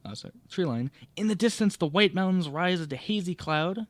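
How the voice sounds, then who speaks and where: A man's voice: high voice, brisk, no echo. A man playing a solo tabletop game, reading the adventure aloud and often stopping to correct his own slips. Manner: self-correcting, stumbles and rereads words.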